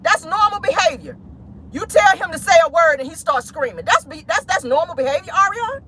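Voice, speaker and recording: A woman gossip vlogger ranting bluntly and profanely in a car, outspoken and animated, breaking into mocking squeals when she mimics people. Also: sits high, fast, a little hiss or hum. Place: inside a car.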